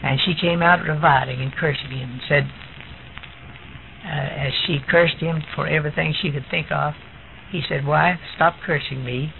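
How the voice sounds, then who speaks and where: Gravelly man preaching on a tinny recording. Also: a little high, fairly even intonation, normal speed. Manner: plain storytelling. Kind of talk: sermon testimony. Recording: tinny lo-fi recording with faint hiss.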